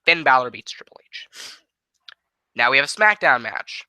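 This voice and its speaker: Male host, casual booking play-by-play, bright and dry. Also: mid-range voice, very animated, clean tone, no echo, poor audio. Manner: casual, quick, profane play-by-play.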